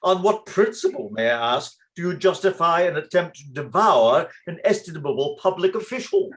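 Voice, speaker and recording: A man's voice: fairly high pitch, animated, moderate pace, fairly bright tone. A man reading a pompous, courteous middle-aged lord in a play reading.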